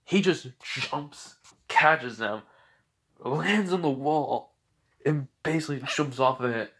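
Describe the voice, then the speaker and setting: A man's voice: on the high side, slow pace, fairly bright tone, husky. A young man casually improvising a fan fiction story, rambling with many fillers and self-corrections.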